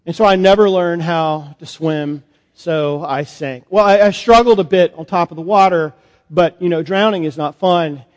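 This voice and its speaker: Priest doing a bible monologue, kinda high voice, big church echo, chatty and halting. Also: male voice. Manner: storytelling, conversational, halting with fillers. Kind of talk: dramatic monologue as Peter in a sermon. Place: church sanctuary. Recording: long church reverb.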